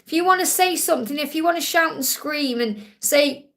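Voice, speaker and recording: The psychic running this live Q&A speaks at normal speed in a high, fairly bright voice. Her spiritual readings come across as soothing and reassuring, with repeated phrases.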